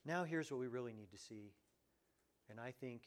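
A male pastor delivering a lively sermon. He swings from loud, excited outbursts to hushed, almost whispered lines. He acts out the voices he quotes, with a mid-range voice. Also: mid-range voice, normal speed.

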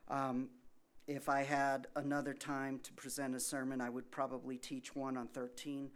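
Male pastor, mid-pitched voice, chatty sermon delivery, rhetorical questions, soft asides that turn emphatic. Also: completely flat delivery, moderate pace. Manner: conversational, asks rhetorical questions.

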